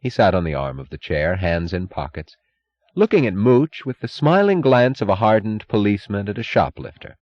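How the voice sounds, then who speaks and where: A man narrating a novel in a measured, expressive reading. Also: lowish voice, muffled recording. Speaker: audiobook narrator.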